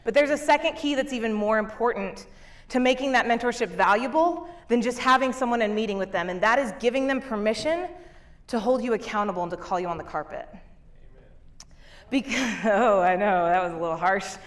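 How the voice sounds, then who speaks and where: A woman business coach giving a motivational keynote talk on a conference stage, energetic and often laughing as she talks to the crowd. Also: fairly high pitch, fairly quick.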